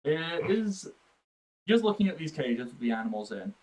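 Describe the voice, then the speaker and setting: A man's voice: on the high side, big pitch swings, normal speed, a little mellow, low-quality recording. A man playing a tabletop game who talks politely with a bemused tone. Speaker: player. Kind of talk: casual tabletop role-play.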